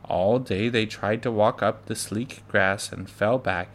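A man reading a children's book aloud, measured and with occasional stumbles. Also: on the low side, steady tone. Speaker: reader.

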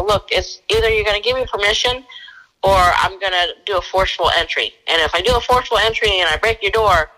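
A woman's voice: lowish voice, poor audio. A woman working as a fugitive recovery agent, telling a story casually and animatedly and acting out the dialogue. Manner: animated, acts out dialogue in quick bursts.

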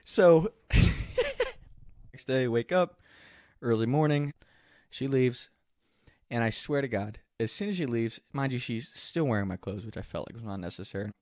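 A man tells a candid personal story in a casual, profane way, laughing along as he goes. His pitch swings widely from line to line, and the sound is dry and close with no room echo. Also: wildly swooping pitch, measured pace, long pauses, darkish tone.

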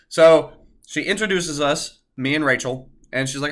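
A young man hosting his own podcast from his apartment, telling a story in a casual, animated and very profane way, sometimes calling himself by a nickname. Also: on the high side, a little fast. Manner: animated, profane, talks about himself in third person. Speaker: podcast host.

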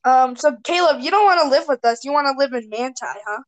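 High-pitched teasing teen girl. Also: lively intonation, a little fast. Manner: teasing, giggly, steers the topics. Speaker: podcast host. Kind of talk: casual chat among friends.

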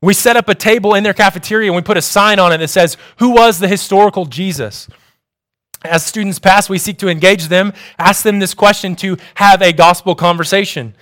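A young man delivering a sermon, reading in a measured, explanatory way. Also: high-pitched, a bit bright. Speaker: preacher.

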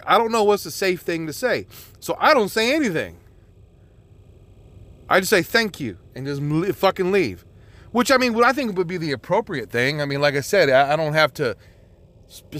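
A man's voice: fairly high pitch, a bit bright. A man hosting a casual solo podcast, rambling and swearing a lot, often restarting his sentences. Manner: rambling and profane, with many restarts and filler words. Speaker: podcast host.

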